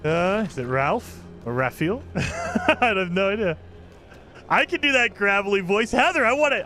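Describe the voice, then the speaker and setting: An excitable male streamer comments on his game in a fairly high, very animated voice. He rambles from one aside to the next with lots of enthusiasm, with game music playing clearly under him. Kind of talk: live gameplay commentary.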